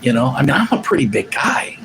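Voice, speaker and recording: Man in his forties, live-stream host, lively swooping delivery, profane rambler, faint hiss behind. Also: mid-range voice, fairly quick. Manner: rambling, profane, restarts often. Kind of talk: casual live-stream chat.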